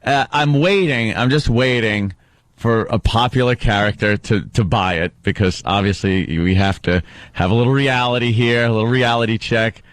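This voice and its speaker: A man hosting a casual radio interview, asking quick, rambling questions on a studio mic in a radio studio. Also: mid-range voice, no room sound. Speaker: host.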